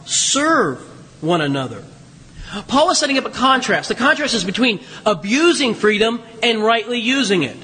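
A man's voice: high voice, sharp tone, a little hiss or hum. A man preaching a sermon to his congregation in a church, talking in a conversational way with teasing asides. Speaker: pastor. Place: church sanctuary. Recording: long hall reverb.

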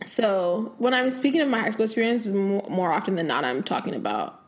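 A woman's voice: medium pitch, expressive, a little fast. A young American woman hosting a podcast, talking in a rambling, casual way and laughing often. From United States. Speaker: podcast host. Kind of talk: casual chat.

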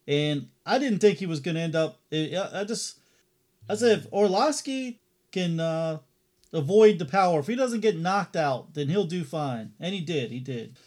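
Male podcast co-host, high voice, profane heated ranting style. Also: darkish tone. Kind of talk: casual fight-talk chat.

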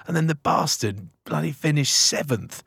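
A man with a gruff, rough-sounding voice, co-hosting a podcast with self-mocking casual chat. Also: fairly high pitch, lively intonation, normal speed, a bit bright, no echo, studio quality. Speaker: podcast co-host.

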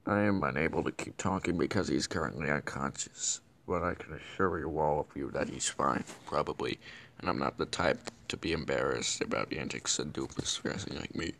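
A man's voice: very deep voice, moderate pace, a bit bright, slight background noise. A man playing a bumbling, scheming male villain who hosts a comedic web show, rambling and correcting himself as he goes. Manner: rambling, stumbling and self-correcting. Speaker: show host. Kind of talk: comedic character vlog.

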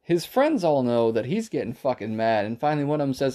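A man's voice: medium pitch, very animated, fairly quick, hardly any pauses, mellow. A man casually telling a rambling, profane story about a bar night, acting out the quotes. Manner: profane, rambling anecdotal delivery with acted-out quotes.

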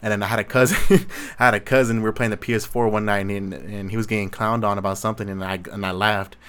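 Slightly fast and a bit bright, this young Southern California man's voice sits on the low side with flat delivery. Hosting a solo Q&A, he rambles through a casual rant loaded with cursing and slang.

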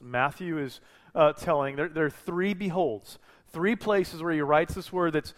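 A man's voice: a little high, moderate pace. A man preaching a sermon as a pastor, talking in a conversational way with frequent restarts and self-corrections.

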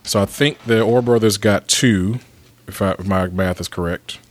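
A man's voice: on the low side, normal speed, a little hiss or hum. A man running a casual podcast trivia game, reading out questions and teasing the players. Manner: teasing, reads questions out plainly. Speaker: quizmaster.

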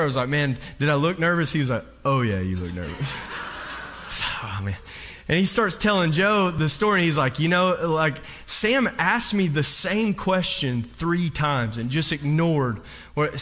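A middle-aged man preaching a sermon, telling a story and acting out what people said. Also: on the high side. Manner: animated storytelling, acts out quotes with voice shifts. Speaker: pastor.

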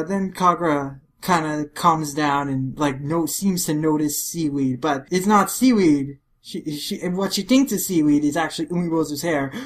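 A woman co-hosting a podcast, eagerly retelling comic scenes in casual chat. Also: low-pitched. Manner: enthusiastic, animated retelling. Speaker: podcast co-host.

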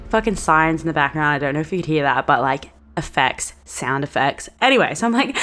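A young woman in her twenties, hosting a podcast and telling a story in a brash, sweary, animated way. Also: deep voice, fast talker, hardly any pauses. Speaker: podcast host. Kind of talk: casual storytelling monologue.

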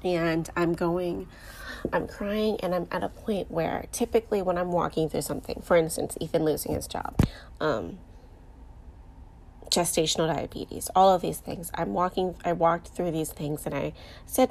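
A woman's voice: fairly low pitch, steady tone, normal speed, creaky, a little mellow, a little hiss or hum. A woman in her thirties hosting a podcast, talking candidly and emotionally through fillers and restarts, close to tears as she speaks. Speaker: podcast host. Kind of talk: personal podcast monologue.

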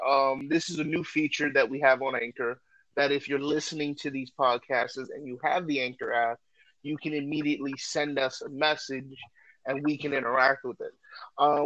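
A man co-hosting a podcast, talking loudly and joking in a casual, animated way. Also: fairly high pitch, dry recording, lo-fi sound. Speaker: podcast co-host.

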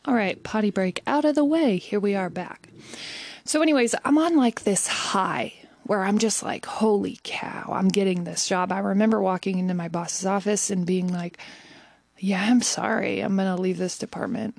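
A woman's voice: mid-range voice, moderate pace, gravelly, dry recording. Candid woman telling a personal story. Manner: candid and reflective, drifting into hushed whispers. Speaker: vlogger.

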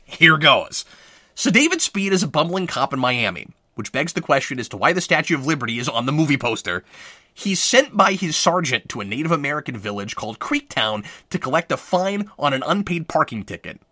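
Male film reviewer, sarcastic and scripted, bright voice with a lively, swinging pitch. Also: a little fast, dry recording, clean studio sound. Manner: wry, sarcastic. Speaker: movie reviewer.

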